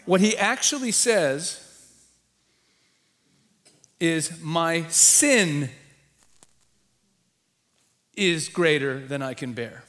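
High-voiced man preaching with lively emphasis. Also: very slow, long pauses. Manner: animated teaching, acts out quoted voices. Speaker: rabbi preaching in a church. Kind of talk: sermon.

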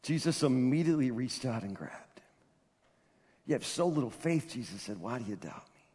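A man preaching a sermon as pastor. He talks conversationally, with laughing asides and stammered restarts, and builds up to loud, emphatic passages. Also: mid-range voice, expressive, moderate pace. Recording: reverberant hall.

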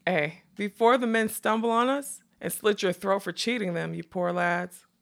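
A ragged, worn-down middle-aged woman with a sharp, scolding tongue and a bitter edge, as a woman reading an audiobook puts her on. Her voice sits in a middle register with a gravelly grain to it. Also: medium pitch, moderate pace. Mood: brisk. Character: fierce weathered middle-aged woman camp cook.

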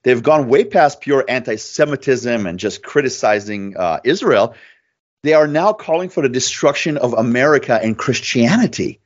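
A man's voice: medium pitch, lively intonation, normal speed. A man hosting a talk show interview, asking blunt, provocative questions. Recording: dull lo-fi audio.

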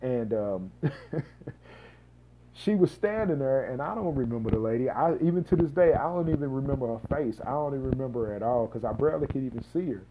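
A man from Missouri tells a personal story in a loose, rambling way, full of slang, fillers and side remarks. His voice sits at an ordinary pitch for a man. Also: lively intonation, fairly quick, dull audio, slight background noise. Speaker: podcast host. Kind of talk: casual first-person storytelling.

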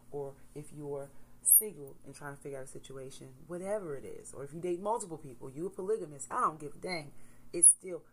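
A woman in her thirties, a mother, talking candidly to camera in a casual motivational vlog, swinging between soft reflection and loud emphasis. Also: sits low, slight background noise, low-quality recording. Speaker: vlogger, mother.

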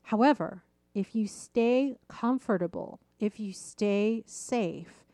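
Animated woman coach telling a story. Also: medium pitch, takes it slowly, dry recording. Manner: animated, laughs at her own story. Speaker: weight-loss coach and podcast host. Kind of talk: casual storytelling monologue.

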